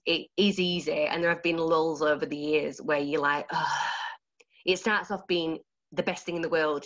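Woman, Yorkshire accent, lowish voice, animated, gushing, laughs easily, interview guest. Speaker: dance studio owner and instructor. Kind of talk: enthusiastic interview answers.

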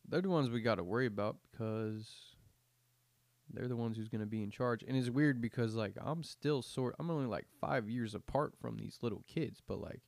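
A man's voice: on the low side, a little mellow, dry recording. Profane young man ranting on a podcast. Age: 20s. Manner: profane, slangy, meandering rant. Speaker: podcast host. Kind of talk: casual rambling monologue.

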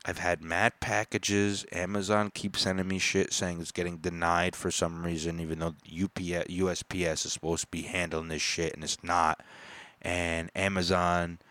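A man telling a story in an angry, profane rant, getting loud and exasperated as he complains. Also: deep voice, little pitch movement, moderate pace, no room sound.

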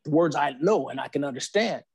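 A man in his forties, his voice a little high and slightly rough, shares his faith testimony on a podcast at a slightly fast pace. He uses slang and animated storytelling, imitating the voices of the people he quotes.

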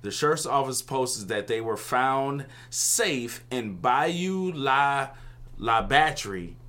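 A man co-hosting a comedy podcast, chatting casually and turning animated and sing-song when he laughs. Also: mid-range voice, takes it slowly. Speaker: podcast co-host.

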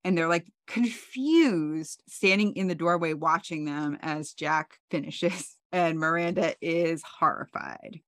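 A woman co-hosting a podcast, casually recapping a TV episode with animated storytelling and playful quoted voices. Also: sits low, slow, hardly any pauses, dry recording. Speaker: podcast co-host.

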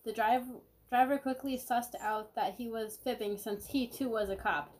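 A woman's voice: a little high, steady tone, moderate pace, a little mellow, a little hiss or hum, rough recording. A woman co-hosting a podcast, reading out short odd news stories in a matter-of-fact way. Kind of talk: reading out short news items in casual chat.

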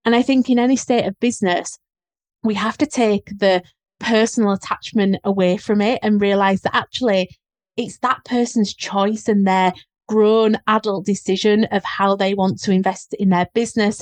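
A woman's voice: medium pitch, fairly even intonation, normal speed, darkish tone. A woman with a Yorkshire accent speaks as a podcast guest. Her tone is earnest and encouraging, and she picks up speed when she quotes other people. The recording is close and dry, with no room echo. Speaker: guest, business coach. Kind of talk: casual podcast chat.

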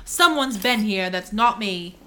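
A woman's voice: medium pitch, expressive, a little slow, pushed and bright, slight background noise. A woman in casual chat while watching a film with a friend, joking and laughing. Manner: joking, bursts of laughter, playful silly voices. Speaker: co-host reacting to a film.

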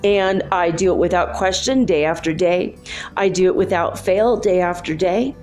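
A woman voicing a self-pitying household toilet that complains slowly and pleads for gratitude. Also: lowish voice, steady tone, a little mellow, faint music behind, close to an everyday voice. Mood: aggrieved.

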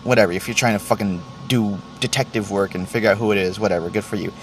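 A man's voice: lowish voice, fairly even intonation, fast, slight background noise. Stammering man venting on a podcast. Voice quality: stammering, restarts phrases often, swears freely. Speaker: podcast host. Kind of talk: solo podcast monologue, venting.

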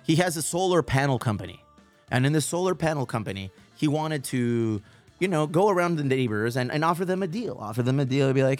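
Brief: male podcast host, mid-pitched, loose profane slangy rambling, faint music underneath. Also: expressive, fairly quick. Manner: profane, slangy and rambling, calls people dog and bro. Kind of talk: casual podcast chat.

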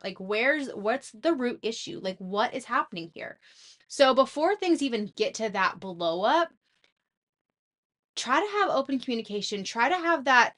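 Bright, chatty young woman podcaster. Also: on the high side, normal speed. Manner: chatty, animated, full of "like" and acted-out quotes. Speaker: podcast host. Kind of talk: casual advice talk.

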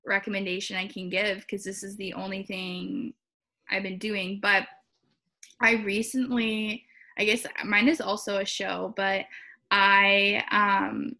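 A young woman co-hosting a podcast in casual chat, relaxed and rambling with many "like"s and "um"s. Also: mid-range voice, slow, gravelly.

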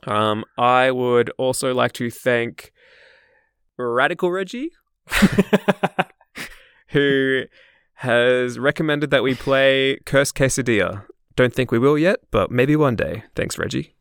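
A man co-hosting a casual gaming podcast, chatty and quick to laugh, cursing now and then. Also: mid-range voice, a bit bright, clean tone, no echo, clean studio sound. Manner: laughs often, swears casually. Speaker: podcast co-host. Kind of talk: casual chat.

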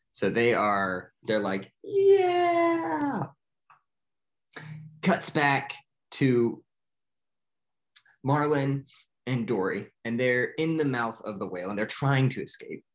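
A young man talks through a film's plot in a loose, casual way, stumbling over his words and filling gaps with "like". He keeps breaking into quick, excited bits where he acts out the characters' lines. His voice sits in an ordinary middle pitch. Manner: rambling, filler-heavy with frequent "like"; quick bursts of excited acted-out quotes. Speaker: movie recapper. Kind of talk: casual spoken movie recap.

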